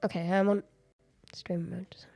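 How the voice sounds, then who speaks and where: A woman's voice: fairly high pitch, expressive, unhurried. An Australian woman streaming a Minecraft game at home, chatting casually, giggling often and thinking aloud. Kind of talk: casual live-stream commentary. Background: faint background music.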